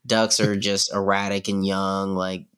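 A man's voice: deep voice, little pitch movement, unhurried, fairly bright tone, clear, resonant tone. A man co-hosting a sports podcast, talking loosely and profanely with lots of slang and fillers. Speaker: podcast co-host. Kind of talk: casual sports chat.

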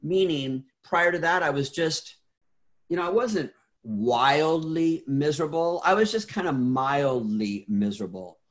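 A man's voice: on the high side, lively intonation, unhurried. A middle-aged man telling stories as an interview guest, earnest, often repeating and restarting words. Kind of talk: casual interview storytelling.

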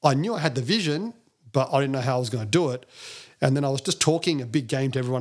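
A man with a husky voice, a podcast guest sharing his story. He is animated and self-deprecating, and he slips into other people's voices as he tells it. His pitch sits in the middle of the usual range for a man. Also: quick pace. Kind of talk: storytelling interview talk.

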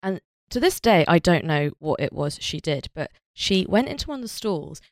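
Wry woman, lowish voice. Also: normal speed, no room sound, clean studio sound. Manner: wry, animated storytelling. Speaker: podcast co-host. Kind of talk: casual chat.

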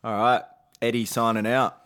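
A man's voice: medium pitch, level tone, normal speed, fairly bright tone, clean tone. A young man co-hosting a podcast, running a quiz with casual banter and laughing often as he teases. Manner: laughs often while teasing.

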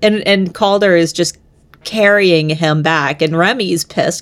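A woman's voice: on the low side, measured pace. A young woman co-hosting a podcast, chatting casually about a book, often laughing and trailing off mid-sentence. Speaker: podcast co-host. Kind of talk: casual book discussion chat.

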